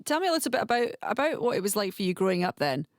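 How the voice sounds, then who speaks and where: A woman presenter asking questions in a polite, encouraging way. Her voice sounds close and dry, with no room around it, at an ordinary pitch for a woman. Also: big pitch swings, very fast, no echo. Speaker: radio presenter. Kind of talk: interviewing a guest.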